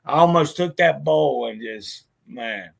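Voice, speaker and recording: A man's voice: mid-range voice, animated, unhurried, creaky, breathy edge. A man telling a personal story in a bitter, profane way, with lots of stammered restarts. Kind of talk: casual spoken monologue.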